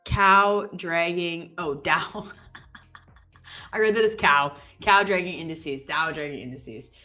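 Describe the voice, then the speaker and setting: Bright, chatty woman co-hosting a trading stream. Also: lowish voice, slow, soft background music. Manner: chatty, playful, jumps between topics. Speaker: live trading show co-host. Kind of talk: casual live-stream chat.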